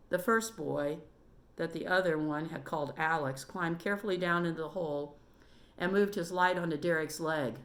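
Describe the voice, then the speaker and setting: A woman reading a children's book aloud in a steady, measured storytelling manner. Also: deep voice.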